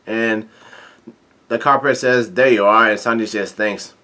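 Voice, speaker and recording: A man reading a manga chapter aloud in a casual, halting way, with many fillers and restarts, voicing the lines and adding his own comments. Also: on the low side, steady tone, bright, forceful tone. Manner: reads dialogue aloud with light commentary. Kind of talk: casual manga read-through.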